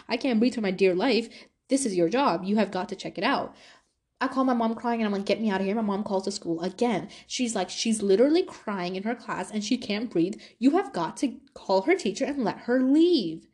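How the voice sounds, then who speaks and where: A young woman hosting a podcast, telling a personal story in a casual, animated way with lots of fillers. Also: medium pitch. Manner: animated, talkative, many fillers. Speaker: podcast host.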